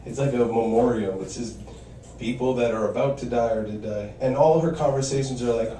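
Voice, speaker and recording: A man's voice: medium pitch, fairly quick, warm tone, roomy sound, far from the mic, a little hiss or hum, poor audio. A man performing a stand-up comedy set, telling wry stories and acting out quoted voices.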